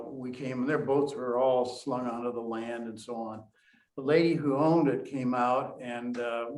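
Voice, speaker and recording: A man's voice: mid-range voice, a little mellow, far from the mic. Older man telling a story, echoey. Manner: halting, many "uh" pauses. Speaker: former soldier, volunteer. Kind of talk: personal storytelling.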